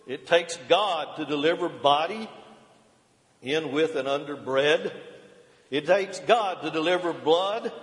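A middle-aged man preaching a sermon as pastor, in a measured and earnest cadence. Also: a little high. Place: large church sanctuary. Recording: long church reverb.

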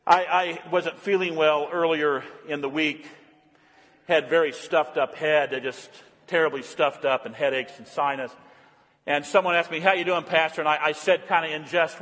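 A man preaching a sermon as pastor, swinging from raised, fervent calls to hushed, soft-spoken prayer. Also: on the high side, normal speed. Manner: impassioned preaching, voicing God's call in a raised voice. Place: church sanctuary. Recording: long church reverb.

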